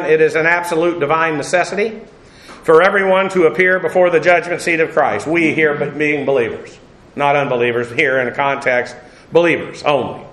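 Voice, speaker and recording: A man teaching a Bible class as pastor, unhurried and conversational, with frequent pauses and dry asides. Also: a little high, a bit bright, reverberant, rough recording.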